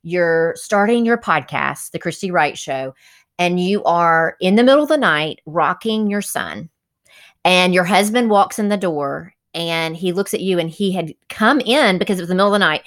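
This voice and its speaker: Lively woman host, a bit low, interviewing a guest. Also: moderate pace. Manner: warm, enthusiastic questioning. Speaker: podcast host. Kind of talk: podcast interview.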